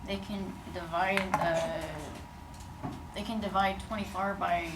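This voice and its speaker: A student answering a teacher's question in a hesitant, halting way, with fillers. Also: mid-range voice, steady tone. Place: classroom. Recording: distant in echoey, noisy classroom.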